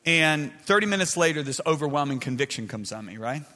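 A man preaching a sermon, emphatic, moving between loud shouted points and soft, close asides. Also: a little high, expressive, a little fast. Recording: preached in a large reverberant hall.

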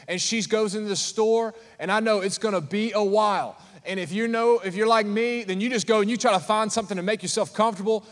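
A male pastor with a high voice delivers a lively, humorous sermon and keeps calling out to the congregation. His voice carries a long reverb from a large church hall. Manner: animated, calls out to the congregation.

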